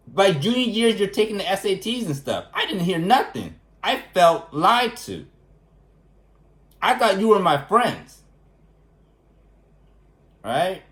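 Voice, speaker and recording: A man ranting to the camera in a casual vlog, indignant and worked up, hammering the same phrases again and again. His voice sits high and swings widely in pitch. The room around him rings with echo. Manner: animated and indignant, repeats phrases for emphasis. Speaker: vlogger. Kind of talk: casual storytelling rant.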